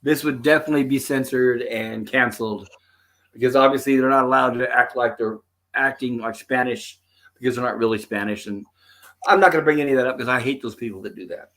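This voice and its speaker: Male host of mid pitch, chatty commentary, acts out bits of dialogue. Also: fairly quick, a bit bright. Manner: retells scenes, quoting the characters' lines. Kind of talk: casual episode commentary.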